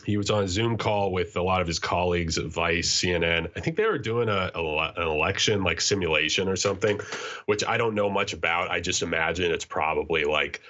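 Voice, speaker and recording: A man with a very low, bright, forceful voice, chatting casually as a podcast co-host. He tells stories in a joking, self-mocking way. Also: fairly quick, dull audio. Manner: jokey, self-mocking storyteller. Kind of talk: casual chat.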